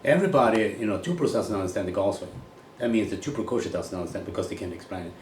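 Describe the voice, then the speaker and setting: A man's voice: fairly low pitch, lively intonation, very fast, a little mellow, far from the mic. A man from Sweden with a Swedish accent, a golf coach talking bluntly and rambling in a casual monologue, swearing now and then. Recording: echoey room with faint ambient noise.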